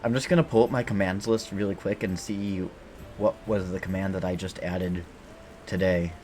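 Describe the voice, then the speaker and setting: A man's voice: low voice, steady tone, moderate pace, darkish tone, soft background music. A man streaming a game, chatting casually and rambling, joking and swearing freely as he plays. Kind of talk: casual gameplay commentary.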